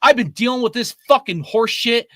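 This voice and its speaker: A man's voice: very high-pitched, moderate pace, a bit bright, no room sound, clean studio sound. A man in his forties ranting about his team in a heated, profane way. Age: 40s. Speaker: sports fan commentator. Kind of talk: ranting fan commentary.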